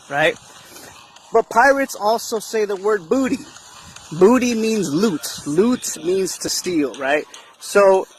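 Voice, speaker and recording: A man talking in a casual, explanatory way, with a high-pitched voice. He speaks slowly and keeps throwing in "right?" to check that the listener is following. Faint background noise sits under his voice. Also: fairly bright tone. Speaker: video commentator.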